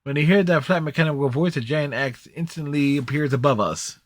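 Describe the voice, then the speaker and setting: A man's voice: a little high, brisk, no room sound, soft background music. A man streaming a game, reading its story text aloud in the first person with small slips.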